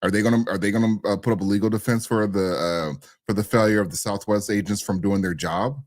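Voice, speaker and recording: A man co-hosting a podcast, reacting to a viral clip in animated, emphatic casual commentary. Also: on the low side, fast talker, no room sound, studio quality. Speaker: podcast co-host.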